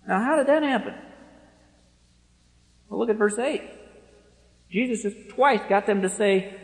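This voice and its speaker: A male pastor delivering an expository sermon. He moves between hushed, low stretches and forceful, emphatic bursts. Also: animated. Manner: emphatic, swings from hushed to forceful, quick asides. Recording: echoey hall with long reverb.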